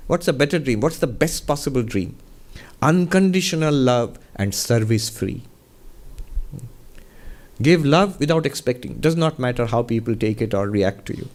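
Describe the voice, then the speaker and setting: A man, a monk and minister, answering a question in a measured, conversational talk with storytelling. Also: mid-range voice, lively intonation, a little mellow.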